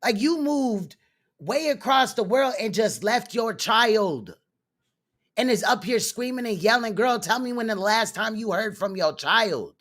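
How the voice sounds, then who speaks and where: A woman's voice: on the high side, lively intonation, unhurried, fairly bright tone. A woman commentator reacting to a clip, blunt and sarcastic, swearing freely.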